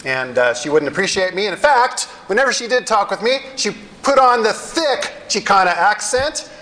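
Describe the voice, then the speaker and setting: A middle-aged male pastor telling stories in a sermon, animated and wryly self-deprecating. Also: high voice, moderate pace, rough recording. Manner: animated storyteller with wry self-deprecating humor. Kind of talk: sermon storytelling.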